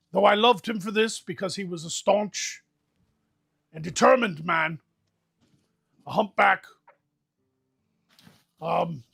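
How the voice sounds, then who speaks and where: A man hosting a livestream fantasy role-play, delivering a rambling, mock-solemn eulogy with animated comic timing. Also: high voice, vocal fry, husky. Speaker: host leading an improvised fantasy guild meeting.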